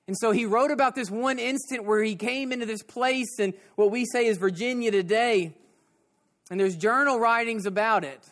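A man preaching a sermon, repeating phrases and slowing down to stress his points. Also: extremely high pitch, a bit bright. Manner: repeats phrases and slows down for emphasis.

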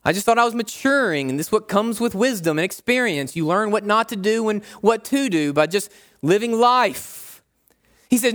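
A young pastor delivers a sermon with a high, light voice. He talks in a loose, conversational way and hammers home repeated phrases. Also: animated, moderate pace, fairly bright tone.

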